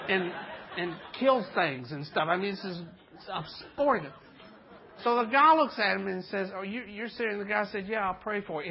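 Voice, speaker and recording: A man with a high, husky voice preaches in a loose storytelling way, cracking jokes and slipping into the voices of the people he describes. The sound is a little dull and muffled. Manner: folksy and joking, acts out voices in stories. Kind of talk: storytelling sermon.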